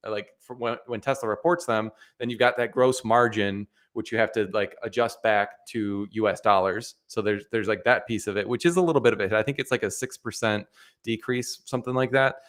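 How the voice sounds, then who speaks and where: A man's voice: fairly low pitch, steady tone, fairly quick, fairly bright tone. A man co-hosting an investing live stream in casual chat, talking in a hesitant way with many restarts and fillers.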